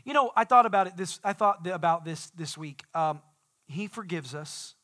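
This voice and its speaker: A man preaching a sermon as pastor, swinging from quiet explanation to shouted declarations. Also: high voice, lively intonation, moderate pace. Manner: dynamic preaching, swelling to shouts.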